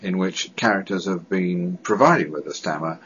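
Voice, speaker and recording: A man with a very low voice speaks earnestly about his own experience, stammering and restarting words as he goes. The recording is dull and lo-fi, with a faint hiss of background ambience. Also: moderate pace, a bit bright. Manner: stammers, with hesitations, repeated sounds and restarts. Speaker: person who stammers giving a personal testimony. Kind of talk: earnest personal statement to camera.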